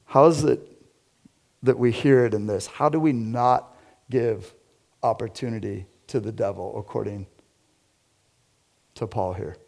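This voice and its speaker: A man preaching a conversational sermon to a small group, shifting from loud emphatic lines to quiet low asides. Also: measured pace, gravelly, pauses often. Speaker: pastor. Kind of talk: interactive sermon.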